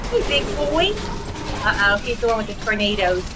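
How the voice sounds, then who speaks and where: A woman streaming a game live, chatting excitedly and squealing at wins. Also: mid-range voice, moderate pace, very noisy. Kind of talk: live gameplay commentary. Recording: game music in the background. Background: music.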